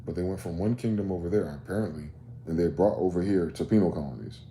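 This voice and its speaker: A man's voice: sits low, fast, mellow. A man hosting a solo rant monologue, firing off rhetorical questions in a profane, combative way. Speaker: host. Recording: roomy echo, faint background noise.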